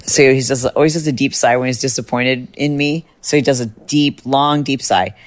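A middle-aged woman hosting a podcast, chatting casually and telling a story with lively jumps in pitch when excited. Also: brisk, few pauses. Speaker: podcast host. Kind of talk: casual chat.

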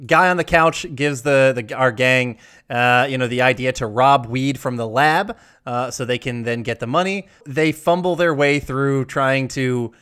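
A man's voice: mid-range voice, unhurried, fairly bright tone, clean tone. A man hosting a podcast, chatting casually and recapping film scenes. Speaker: podcast host. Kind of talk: casual chat.

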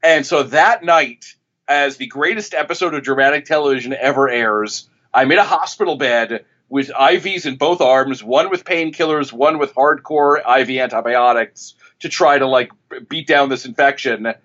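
A man's voice: mid-range voice, normal speed, fairly bright tone. Rambling male critic, muffled sound. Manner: rambling, with frequent restarts and self-corrections. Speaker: television critic and author. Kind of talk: interview guest, storytelling.

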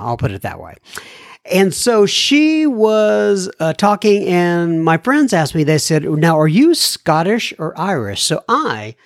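A man's voice: a little high, no room sound, studio quality. A man from Alabama hosting a recovery podcast, reading listener mail in a folksy, joking way. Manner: folksy, joking, drawn-out phrasing. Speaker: podcast host.

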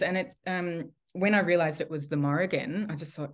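A woman being interviewed on a podcast, telling a personal story in a lively way and laughing often. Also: deep voice, brisk. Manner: animated storytelling with frequent laughter. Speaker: guest, priestess and healer.

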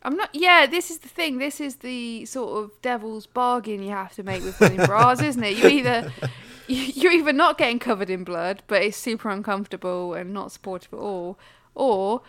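A woman co-hosting a casual podcast, chatty and quick to laugh, with animated asides. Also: fairly high pitch. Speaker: podcast co-host.

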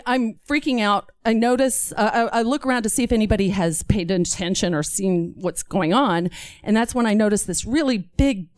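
A woman's voice: medium pitch, no echo, clean studio sound. A woman from Texas telling a true story on stage to a live audience, acting out the other people's voices as she goes. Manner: animated, acts out voices of others.

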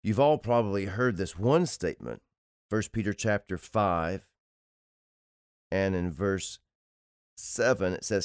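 Male podcast preacher, low-pitched and smooth, dry close sound, driving repetitive delivery. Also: slow, pauses often, no room sound. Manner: emphatic, repetitive preaching cadence. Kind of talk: sermon-style podcast teaching.

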